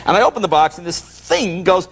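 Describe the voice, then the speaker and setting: A man's voice: high voice, brisk, vocal fry. A middle-aged man, a talk show guest, telling a comic anecdote in a TV studio and acting out the voices of the people in it. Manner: animated storyteller, does voices and shouts. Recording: noisy TV broadcast.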